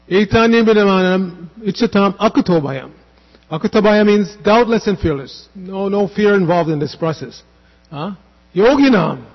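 Fairly high-voiced man teaching scripture. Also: long reverb tail, dull audio. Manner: explanatory, digressive, chants Sanskrit verses. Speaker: scripture class speaker. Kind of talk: devotional scripture class.

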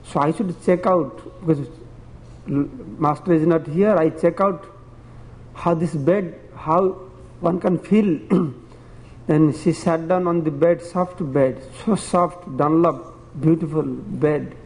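A man with a high voice preaches a devotional sermon, telling parables in plain, broken phrasing and chuckling now and then. His words ring out with a long hall echo. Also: takes it slowly, darkish tone.

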